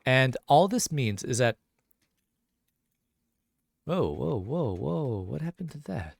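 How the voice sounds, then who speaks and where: A man's voice: medium pitch, very animated, slow pace, vocal fry, breathy edge, no room sound, studio quality. A man teaching a casual live-streamed language lesson, chatting loosely and answering viewer questions as they come in. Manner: casual, chatty, reads chat questions aloud.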